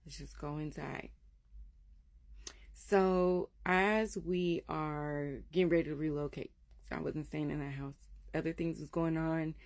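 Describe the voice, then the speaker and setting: Woman, 30s, low-pitched, dry close sound; animated casual ghost storyteller who acts out the voices. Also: unhurried, dry recording. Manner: animated, acts out quoted voices, drops to a hush at scary moments.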